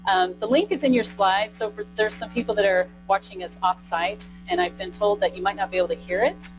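A woman's voice: medium pitch, fairly even intonation, a little fast, rough recording. Woman lecturing a live group, keeps saying right? and quizzing the room, music humming behind. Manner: conversational, keeps asking the audience questions and adding "right?". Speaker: presenter. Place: conference room with a live audience.

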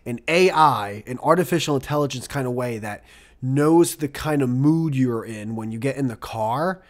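A man hosting a casual podcast chat, rambling and swearing as he pitches an idea, often laughing at himself. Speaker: podcast host.

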